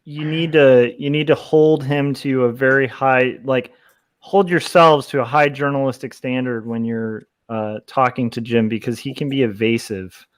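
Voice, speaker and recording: A man's voice: mid-range voice, steady tone, normal speed. A man in a casual chat, giving joking advice in a dry, mock-serious way.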